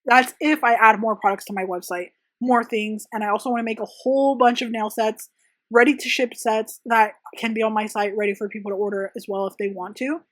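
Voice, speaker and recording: A woman's voice: fairly high pitch, steady tone, a little fast, dry recording. A young woman who makes press-on nails, chatting casually and rambling through viewer questions with many "like" and "um" fillers. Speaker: press-on nail artist and channel host. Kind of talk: chatty Q&A vlog. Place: her home room.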